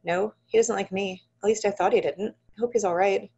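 A woman's voice: mid-range voice, fairly even intonation, brisk, a little mellow, slightly rough. A woman reading the lines of a frightened, guilt-stricken young apprentice sorceress who stammers and pleads. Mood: anxious. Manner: shaken, faltering, pleading. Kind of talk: audiobook-style reading.

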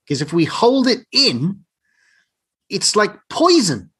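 Slow, thoughtful male podcast host. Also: high-pitched, huge pitch swings, fairly bright tone, slightly rough. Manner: thoughtful, drawn-out phrasing, asks tag questions. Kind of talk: reflective interview chat.

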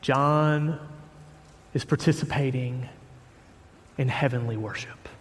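A man's voice: medium pitch, slow. Preaching man in a reverberant sanctuary. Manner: reads scripture aloud with rising force, then speaks plainly to the congregation. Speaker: pastor. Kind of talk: sermon. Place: church sanctuary.

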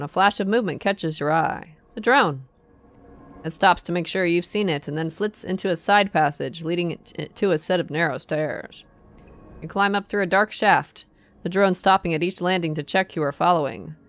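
A woman's voice: fairly low pitch, moderate pace. A woman streamer playing a story game, reading the narration aloud and musing casually to herself.

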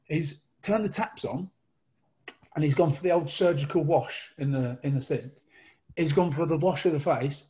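Husky man telling a funny story. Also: a little high, darkish tone. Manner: laughing, rambling storyteller. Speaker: guest storyteller. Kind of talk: casual comic anecdote.

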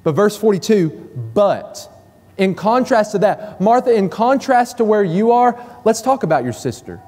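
A male pastor preaching a sermon, his fairly high voice mellow rather than bright. He drives his points home by repeating key phrases, and each one trails off in the long reverb of a church hall. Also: lively intonation, moderate pace.

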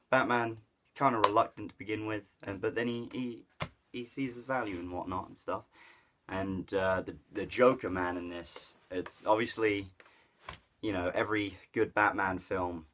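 Low-voiced man rambling through a movie review. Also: a bit bright, a little hiss or hum. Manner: rambling, with many fillers and restarts; enthusiastic, laughs at the jokes he retells. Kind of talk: casual rambling film review.

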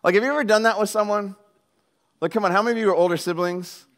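A man preaching a conversational sermon, animated and joking, acting out the voices of the people in the story. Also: sits high, fast. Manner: animated, jokey, acts out quoted voices. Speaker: pastor.

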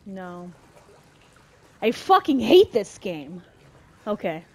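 A woman's voice: mid-range voice, big pitch swings, takes it slowly, dark tone. A young adult woman commenting on a horror game as she plays, swearing often and reacting dramatically to every scare. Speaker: let's play gamer.

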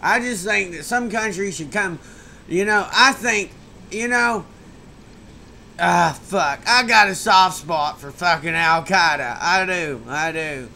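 A tired, burnt-out man rambling and swearing in a late-night vlog on a webcam mic, drifting from loud outbursts to mumbles. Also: high voice, slow pace, gravelly, slight background noise. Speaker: vlogger.

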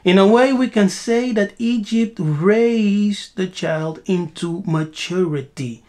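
A woman's voice: medium pitch, takes it slowly, a little mellow. A woman giving a spiritual teaching, asking rhetorical questions and answering them herself with emphatic repetition.

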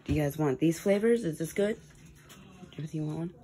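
A woman's voice: sits low, a little fast, over music, rough recording. A woman vlogging casually, chatting and coaxing her dogs at home and then out on a walk. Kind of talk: casual vlog chat.

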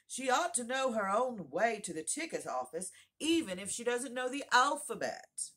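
A woman voicing a blunt male goat who speaks in a loud voice, in a storybook reading. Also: fairly high pitch, big pitch swings, moderate pace, slightly rough, pitched above the performer's own voice, full character voice. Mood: scolding.

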